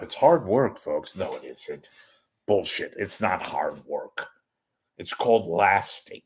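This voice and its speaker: An older man hosting his own talk show, talking off the cuff to viewers in a blunt, rambling, self-mocking way. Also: sits low. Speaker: host of an online talk show. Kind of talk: unscripted solo talk reading viewer messages.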